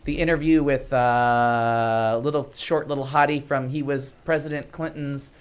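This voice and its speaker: A woman's voice: very deep voice, a little slow, clear, resonant tone. An American woman co-hosting a talk show, telling a long story in casual chat and filling it with "like". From United States. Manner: animated storyteller, lots of "like". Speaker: podcast co-host.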